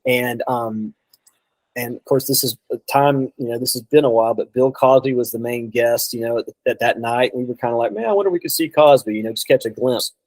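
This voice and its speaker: A man's voice: medium pitch, little pitch movement, a little fast, no room sound, low-quality recording. A man telling a long road story in a casual chat, rambling, with many restarts and quoted asides. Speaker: guest drummer.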